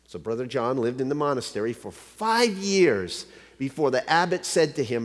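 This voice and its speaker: A man's voice: on the high side, sing-song, a little fast. A man, a pastor, preaching a sermon. He keeps asking the listeners rhetorical questions and tells a joke story to make his point. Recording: long hall reverb.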